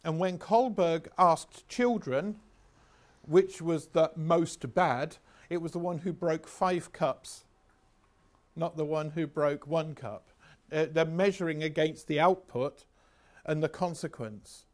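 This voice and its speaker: A man's voice: on the high side, takes it slowly, a little mellow. A man in his sixties giving a revision lecture, chatty, anecdotal and self-mocking. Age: 60s.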